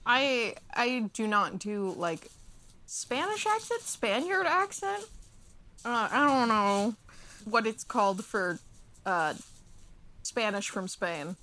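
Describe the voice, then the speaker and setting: A woman joking in quick banter on a role-play podcast. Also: fairly high pitch, big pitch swings, sharp tone, a little hiss or hum. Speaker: tabletop role-play player. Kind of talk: casual podcast chat.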